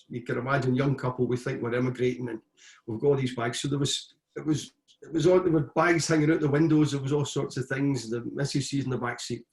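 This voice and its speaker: Man, middle-aged, casual animated storytelling, interview guest, roomy echoey sound. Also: mid-range voice. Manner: anecdotal, animated retelling with frequent restarts. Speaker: guest, former footballer and coach.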